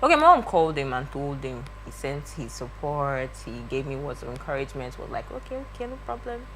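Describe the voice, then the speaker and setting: Young woman, low-pitched, very expressive, acts out voices. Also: brisk, a little hiss or hum. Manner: lively, acts out quoted voices. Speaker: guest. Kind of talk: animated storytelling.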